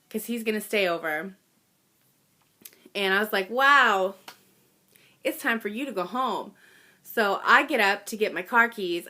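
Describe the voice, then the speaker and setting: With a bright, clear, mid-range voice, a thirtysomething woman recounts something from her own life in a casual, chatty manner. Her tone pokes fun at herself, sprinkled with little laughs and fillers.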